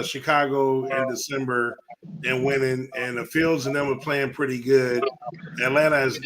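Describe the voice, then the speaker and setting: Laid-back sports co-host over crowd noise. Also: male voice, mid-range voice, rough recording. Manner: laid-back, chuckling, argues his point. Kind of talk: casual sports talk.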